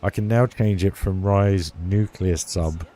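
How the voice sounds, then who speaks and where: Chatty man streaming, low mellow voice. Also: measured pace. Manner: chatty, laughs often, reads chat aloud. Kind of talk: casual live-stream chat. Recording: faint music behind.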